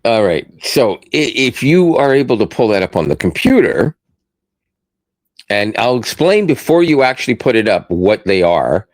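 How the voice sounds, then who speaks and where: A man co-hosting a podcast, chatting casually about tech, animated and self-deprecating, laughing often. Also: mid-range voice, moderate pace, dry recording, low-quality recording. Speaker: podcast co-host.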